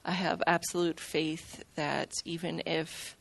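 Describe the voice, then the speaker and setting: A woman sharing personal reflections softly and thoughtfully. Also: sits low, flat delivery, takes it slowly, creaky.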